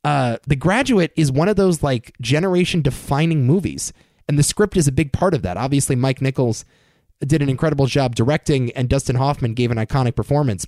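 A man's voice: medium pitch, a little mellow, dry recording. A man hosting a casual entertainment news rundown, giving wry, sarcastic takes on shows and awards. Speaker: podcast host.

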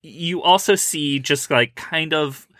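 A man co-hosting a casual film podcast, telling stories in an animated, profane way. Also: a little high, takes it slowly, no echo, clean studio sound. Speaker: podcast co-host.

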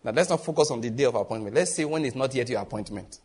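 A man with a Nigerian accent preaching a sermon as pastor, telling lively stories with quick asides and bursts of laughter. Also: medium pitch, husky.

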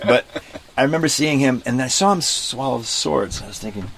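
A man being interviewed about his life as a street performer, telling stories in a relaxed, casual way and acting out the people in them. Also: mid-range voice, a little fast, creaky, background noise. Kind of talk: casual storytelling. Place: inside a parked vintage bus.

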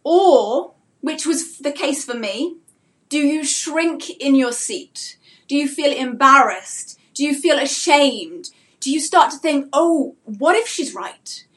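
A woman's voice: high voice, lively intonation, slow, fairly bright tone. A woman mentoring homeschooling parents in a live-streamed talk. She speaks earnestly and asks many rhetorical questions.

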